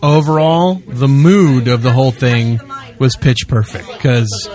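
A man's voice: mid-range voice, measured pace, darkish tone, faint music behind. A man hosting a podcast, chatting casually about movie trailers and steering the talk with questions. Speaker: podcast host.

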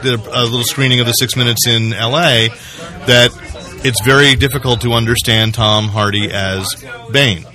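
Bright-voiced podcast host man. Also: medium pitch, steady tone. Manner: quick, enthusiastic, steers the talk. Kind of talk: casual chat.

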